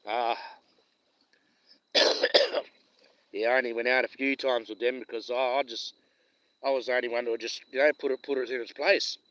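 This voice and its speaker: A man's voice: medium pitch, fairly even intonation, normal speed, long pauses, pushed and bright, no echo, highs cut off. A man with a Western Australian accent chatting and telling stories on a live stream while fishing outdoors, rambling and chuckling as he goes. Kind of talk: casual live-stream chat.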